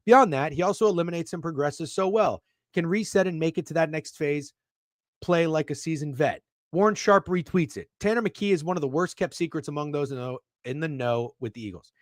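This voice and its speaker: Profane ranting man, high voice, dry close sound. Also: a little fast, dry recording. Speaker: sports betting show host. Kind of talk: live-stream rant reading chat.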